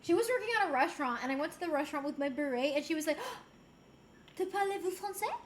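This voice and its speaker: A woman's voice: high-pitched, expressive, racing, slight background noise. A woman from Puerto Rico streaming and chatting casually with viewers, playful and giggly, dropping in Spanish and French phrases. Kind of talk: casual chat reading viewer messages.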